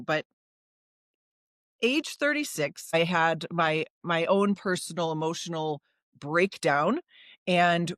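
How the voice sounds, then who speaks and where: A woman's voice: lowish voice, fairly bright tone, no room sound, studio quality. A middle-aged woman, a psychologist guest, telling her story frankly and emphatically in an interview conversation.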